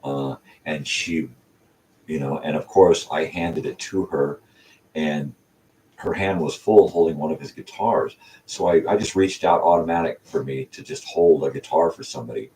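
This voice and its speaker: Heard through a distant mic with a faint hiss, the older channel host has a dark, rumbling low voice and talks at normal speed. He wanders through a casual story, stumbling over ums and starting sentences over.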